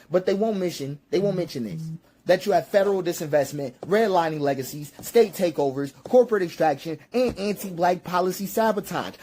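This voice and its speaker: Guy with a high voice ranting commentary, preachy, keeps repeating himself, big rhetorical questions. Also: darkish tone. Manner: preachy, repetitive, rhetorical questions, rising to emphatic peaks. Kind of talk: impassioned spoken commentary to camera.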